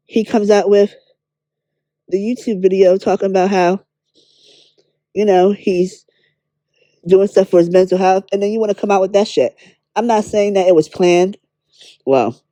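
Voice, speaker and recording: A woman's voice: mid-range voice, mellow, no echo. A woman giving her candid, blunt opinions in a casual commentary vlog, swearing freely. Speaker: beauty drama commentator.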